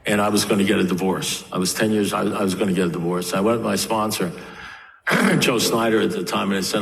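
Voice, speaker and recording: A man's voice: medium pitch, a little fast, vocal fry, fairly bright tone. An older man speaking at a recovery meeting, telling his story with wry, self-mocking humor. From United States. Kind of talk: personal storytelling talk. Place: meeting hall. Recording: echoey hall with faint background noise.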